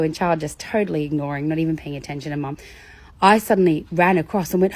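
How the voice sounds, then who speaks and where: A woman giving a casual educational talk about children, lively and storytelling, acting out examples. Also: quick pace, dry recording. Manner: animated, acts out examples with big pitch jumps and laughs. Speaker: educator on demand avoidance in children.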